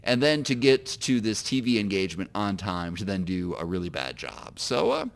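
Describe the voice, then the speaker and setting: A man's voice: lowish voice, big pitch swings, moderate pace, vocal fry. A man from Illinois, an author co-hosting a casual podcast, who tells rambling, self-deprecating stories. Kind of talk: casual comedic podcast storytelling.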